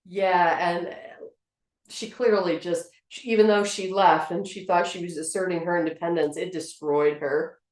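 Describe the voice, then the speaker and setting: A woman in a casual film discussion, retelling scenes in detail with animated quotes. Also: on the low side, normal speed. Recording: roomy echo.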